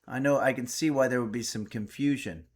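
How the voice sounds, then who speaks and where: A man's voice: mid-range voice, fairly quick. Chatty man reading stream chat aloud. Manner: reads chat messages aloud, chatty and wry. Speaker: streamer and cooking host. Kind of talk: casual livestream chat. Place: home.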